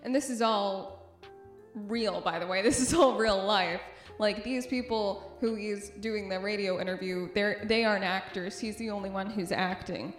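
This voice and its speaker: A young woman talks through her podcast in an easy, chatty way, with a slightly rough morning voice. She jokes at her own expense and laughs often. Her voice has a mid-range pitch and rings a little in the room. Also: steady tone, normal speed, echoey room, soft background music. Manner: chatty, self-deprecating, laughs easily. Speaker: podcast host. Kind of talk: casual podcast monologue.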